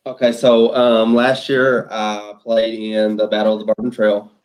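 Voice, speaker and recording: A man's voice: on the low side, monotone, moderate pace, a little mellow, low-quality recording. A young man, a pro ballplayer and student, answering interview questions in an easygoing way with many ums. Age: young adult. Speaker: guest, pro baseball player. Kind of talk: casual interview.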